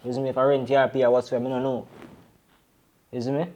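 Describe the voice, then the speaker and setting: A man's voice: medium pitch, little pitch movement, fast talker, darkish tone, close to an everyday voice. A man with a Jamaican accent playing a deported man back home with his brother, talking in a rambling, defensive way full of "you know". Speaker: actor in a crime drama. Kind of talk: Jamaican Patois film dialogue.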